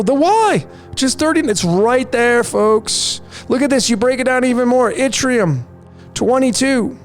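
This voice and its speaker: Very high-pitched male host, insistent slide-by-slide commentary, faint music bed underneath. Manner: insistent, repeats "folks" and "there it is". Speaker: numerology channel host. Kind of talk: conspiracy commentary over slides.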